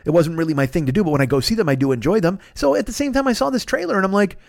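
A man's voice: high voice, expressive, rapid-fire, creaky, dry recording, clean studio sound. A man hosting his own podcast, ranting in a profane, sarcastic solo comedic monologue. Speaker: podcast host.

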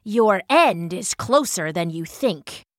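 A woman's voice: on the low side, expressive, slow pace, no echo, clean studio sound. A woman doing a growling Greek warrior. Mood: menacing. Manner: growling, menacing. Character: fierce, scowling male Greek hero.

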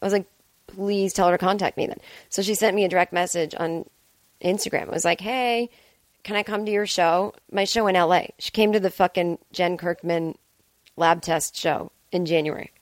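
A woman in her forties hosting a podcast from home, talking casually and swearing freely, acting out quotes in a higher voice. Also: steady tone, normal speed, no echo. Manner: chatty and profane, acts out quotes in a higher voice. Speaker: podcast host. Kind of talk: casual solo monologue.

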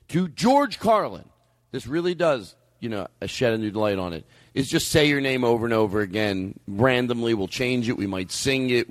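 A man hosting a comedy podcast, rambling excitedly and cracking himself up. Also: mid-range voice, dry recording. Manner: rambling, animated, breaks into laughter. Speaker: podcast host. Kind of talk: casual comedy chat.

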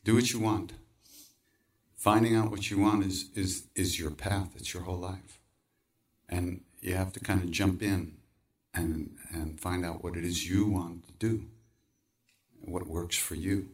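A man's voice: low-pitched, fairly even intonation, unhurried, recorded from a distance. A man telling a personal story in conversation, acting out quoted voices and laughing often. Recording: voice from away from the mic.

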